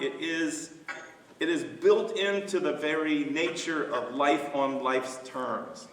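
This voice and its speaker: Male pastor, slow and halting, bright tone, mic set far off in a reverberant church. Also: on the high side. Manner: halting, many fillers and restarts. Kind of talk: Bible study discussion. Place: church sanctuary.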